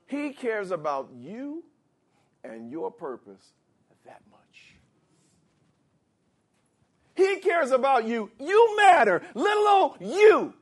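This preacher has a very high voice with big swings in pitch. He reads the scripture at a slow pace, breaks it down in simple language, and climbs into forceful shouting.

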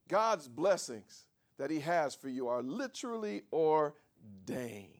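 Pastor, male, high and very animated voice, slow measured sermon delivery that climbs into shouts. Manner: teaching, swells from low asides to shouted emphasis; calls for congregation responses.

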